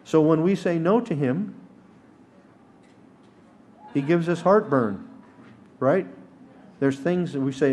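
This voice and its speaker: A man's voice: fairly high pitch, takes it slowly, pauses often, a little mellow, slight background noise. Earnest man preaching a sermon. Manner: earnest and emphatic, rising to exhortation. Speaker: teacher at a synagogue service. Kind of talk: sermon teaching. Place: synagogue sanctuary.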